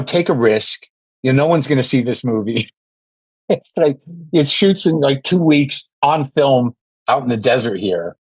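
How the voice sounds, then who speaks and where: A man's voice: mid-range voice, dry recording, rough recording. A man in his sixties, a podcast guest, talking in a rambling, self-deprecating way with lots of restarts. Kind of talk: casual podcast chat.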